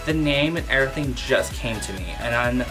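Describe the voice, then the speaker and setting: A man vlogger telling a casual storytime about his pet, animated and full of exclamations. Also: mid-range voice, fairly quick, over music. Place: at home with his cat.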